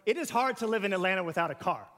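A man with a notably high voice delivers a sermon in a relaxed, conversational way. He asks the congregation questions and acts out everyday examples. The sound carries a long hall reverb. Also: racing. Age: young adult to middle-aged. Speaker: pastor. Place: church sanctuary.

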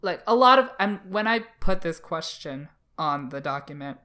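A woman's voice: lowish voice, lively intonation, moderate pace, bright, forceful tone. A young woman co-hosting a podcast, debating in a blunt, sarcastic, loose way. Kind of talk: casual debate chat.

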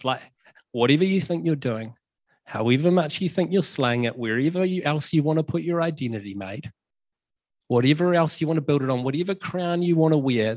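A man delivers a sermon in a relaxed, conversational way. He fills pauses with ums and repeats key phrases for emphasis. His voice sits at a middle pitch, recorded dry and close. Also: no echo. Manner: conversational, many ums and fillers, emphatic repetitions. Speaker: preacher.

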